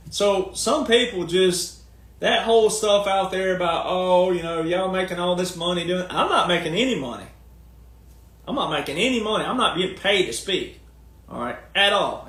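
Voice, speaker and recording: A man's voice: sits high, fairly bright tone, echoey room. A man talking in a long, casual monologue, folksy and emphatic, firing off rhetorical questions. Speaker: commentator and speaker.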